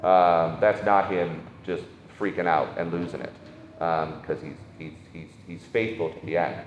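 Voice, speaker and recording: Guy preaching casual sermon, kinda low voice, lots of "right?" and "um", big echoey hall. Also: dull audio, slight background noise. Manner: animated, conversational, frequent "right?" and "um". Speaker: preacher teaching catechism. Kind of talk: informal sermon. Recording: echoey hall, faint ambience.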